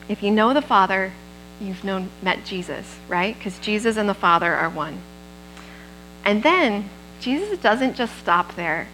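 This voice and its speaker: A woman's voice: on the high side, a bit bright, a little hiss or hum, poor audio. A woman preaching a sermon at a church service, speaking into a microphone in a plainspoken, conversational way and often checking in with the congregation.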